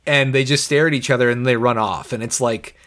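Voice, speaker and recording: A man's voice: medium pitch, steady tone, fairly quick, fairly bright tone. A man co-hosting a podcast in casual conversation, rambling with many fillers and the odd swear word. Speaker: podcast co-host reviewing an anime.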